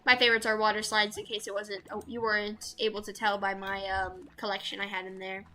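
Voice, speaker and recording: Young woman gaming streamer, rambly chatter to chat, super bright voice. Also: medium pitch, little pitch movement, brisk. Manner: rambling, talks to chat with many fillers. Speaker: VTuber streamer. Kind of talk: casual live-stream chat while gaming.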